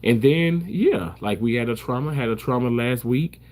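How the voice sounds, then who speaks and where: A man's voice: medium pitch, animated, normal speed, darkish tone. A man who works as a surgical first assist, talking casually to the camera in an emphatic way, repeating himself and swearing freely.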